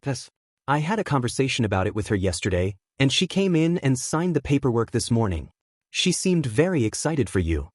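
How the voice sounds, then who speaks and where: Male reader doing a cheerful, manipulative principal. Chipper, smooth, animated. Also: mid-range voice, fairly quick, dry recording, clean studio sound.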